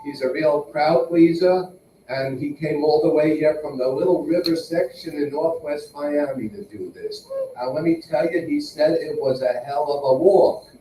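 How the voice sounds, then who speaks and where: A man's voice: on the high side, normal speed, warm tone, reverberant, recorded from a distance, a little hiss or hum, low-quality recording. A man hosting an open mic, doing punchy stand-up emcee banter and repeating his catchphrase. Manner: punchy, repeats "let me tell you". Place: small comedy venue.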